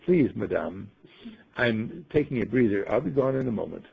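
A wise, chatty talking bird, as a man puts it on explains itself with gentle superiority, in a husky, gravelly voice. Its pitch rises and falls a lot, and the dull lo-fi recording flattens the sound. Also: moderate pace, full character voice. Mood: lecturing.

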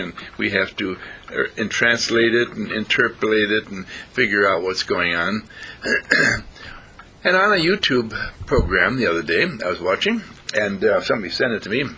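A man telling rambling, playful stories in a casual talk, clearing his throat often. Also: fairly low pitch, bright, forceful tone, a little hiss or hum. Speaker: speaker.

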